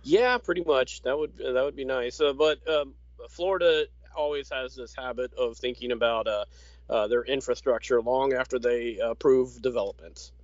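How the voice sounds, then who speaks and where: A man's voice: mid-range voice, normal speed, no echo, muffled recording. Easygoing man with dry sarcasm. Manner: easygoing, many fillers and restarts, dry sarcasm. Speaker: podcast co-host. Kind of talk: casual chat.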